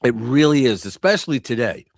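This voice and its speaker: A man from the United States talking in a casual political livestream chat, animated and emphatic with coarse language. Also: medium pitch, brisk, gravelly. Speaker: guest co-host.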